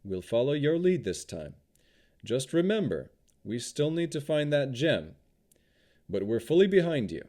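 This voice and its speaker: A man voicing a loyal male adventurer in an audiobook, steady and reassuring. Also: mid-range voice, measured pace, pitched above the performer's own voice. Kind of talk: audiobook character voice.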